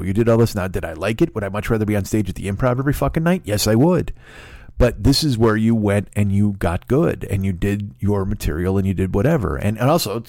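A man with a fairly low voice talks into the mic, telling a long story on his podcast. He rambles, starts over and swears freely in a loose, casual way. The sound is dry and close, with no room around it. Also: a little mellow, no echo. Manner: profane, rambling storytelling with frequent restarts. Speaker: podcast host. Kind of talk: casual monologue.

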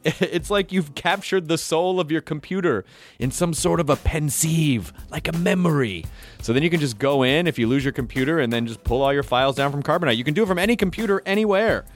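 Man, podcast host, rambling, jokey, slightly high voice, casual chat. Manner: rambling, jokey, quick restarts. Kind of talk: casual chat and live-read ad.

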